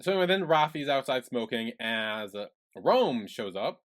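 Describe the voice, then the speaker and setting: A man chatting casually on a podcast, retelling scenes from a show. His pitch swings up and down a lot as he talks, giving the recap a lively, animated feel. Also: normal speed. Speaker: podcast co-host.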